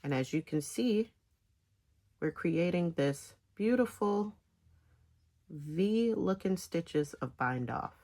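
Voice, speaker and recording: A woman walks a beginner through knitting, step by step, in a casual tutorial. She speaks slowly and her voice is a little low. Her phrasing is halting, with pauses between short chunks, and her tone has a gravelly edge. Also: expressive, dark tone. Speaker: knitting instructor.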